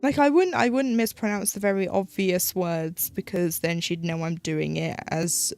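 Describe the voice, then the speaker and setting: Chatty British woman with a gravelly voice. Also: lowish voice, steady tone, moderate pace, darkish tone, faint music behind. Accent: British English. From United Kingdom. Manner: chatty, rambling, with frequent "like" and restarts. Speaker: streamer. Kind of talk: casual chat while stitching on a live stream.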